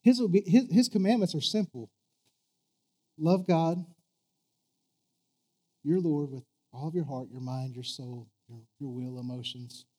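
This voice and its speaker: Earnest preacher man, slightly high voice. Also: measured pace, long pauses, warm tone. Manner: earnest, stumbling restarts and repeated words, rising to emphatic peaks; asks the congregation questions. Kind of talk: sermon.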